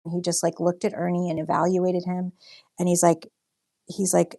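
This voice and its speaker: A young woman talks in a relaxed, chatty way while painting on a livestream. Her voice sits fairly low and often drops into a gravelly fry. She tells stories with plenty of fillers and stops now and then to read out viewer comments. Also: moderate pace. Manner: chatty storytelling, many fillers, reads out comments. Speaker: livestream host and artist.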